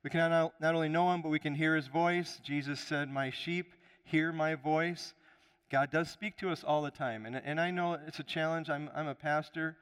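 A man's voice: on the high side, fairly even intonation, brisk, few pauses, fairly bright tone, clear, resonant tone. Emphatic male pastor in a reverberant hall. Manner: preaching with emphatic rises and repeated restarts. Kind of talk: sermon.

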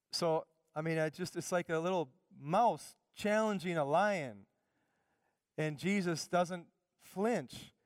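A middle-aged male pastor preaching a sermon with fervent emphasis, easing into quiet personal asides. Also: on the high side, clean tone, no echo, big-room sound.

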